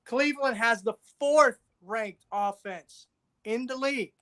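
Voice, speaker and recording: A man's voice: very high voice, unhurried, bright, forceful tone. A man co-hosting a casual sports podcast, who speaks emphatically and often repeats his points. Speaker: podcast co-host.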